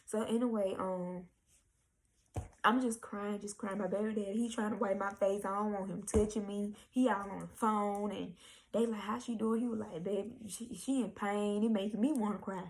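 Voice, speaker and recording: A woman's voice: medium pitch, steady tone, moderate pace, poor audio. A young woman, telling a candid, chatty storytime vlog with fillers and restarts. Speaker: vlogger. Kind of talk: casual storytime.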